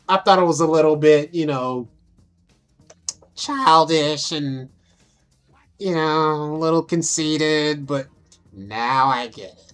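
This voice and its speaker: A young adult woman vlogging casually, brash and profane, amused at herself as she talks through photos. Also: low voice. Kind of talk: casual vlog talk over photos.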